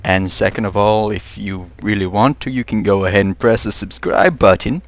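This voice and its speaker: A young man giving live commentary on a horror game, muttering to himself and breaking into high, panicked shrieks. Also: steady tone, normal speed, dry recording. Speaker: gaming video host.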